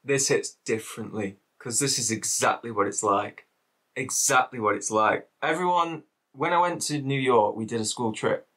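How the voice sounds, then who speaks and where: A man with an English Midlands accent hosts a reaction video, talking at an ordinary pitch with a bright, forceful tone. He rants casually, swears freely and repeats himself for emphasis. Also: moderate pace. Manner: ranting, swearing, repetitive.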